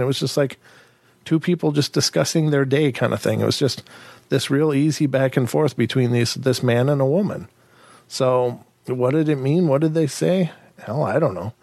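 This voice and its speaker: A man's voice: mid-range voice, vocal fry, a little mellow, dry recording. A man hosting a podcast, telling a personal story in a casual, musing way, full of rhetorical questions and restarts. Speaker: podcast host.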